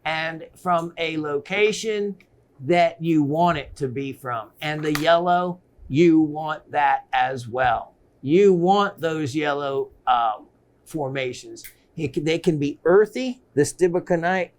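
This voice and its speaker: A middle-aged man hosting a gemstone shopping show, presenting pieces with excitement and repeating phrases for emphasis. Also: fairly high pitch, takes it slowly. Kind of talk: enthusiastic sales presentation.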